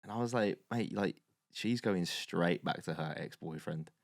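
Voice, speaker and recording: Man, young adult, very low voice, dead-dry sound, animated podcast storyteller. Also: normal speed, gravelly, dry recording. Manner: animated, swearing, acts out quotes loudly. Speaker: podcast co-host. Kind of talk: casual storytelling chat.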